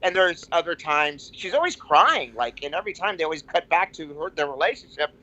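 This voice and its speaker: A man guesting on a comedy podcast, rambling and halting in casual chat, with frequent restarts and self-mocking asides. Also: on the high side, big pitch swings, sharp tone, muffled recording.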